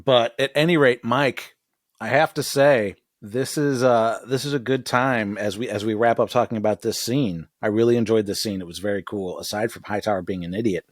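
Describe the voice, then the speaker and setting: A man co-hosting a podcast in a casual recap chat, jokey and relaxed, who swears in passing. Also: lowish voice, moderate pace, no echo, clean studio sound. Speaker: podcast co-host.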